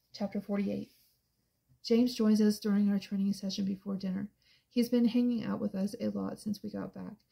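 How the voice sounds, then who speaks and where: Woman audiobook reader, dark gravelly voice, quiet and intimate. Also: medium pitch, dull audio. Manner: quiet, intimate, dropping to soft whispers. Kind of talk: first-person novel narration.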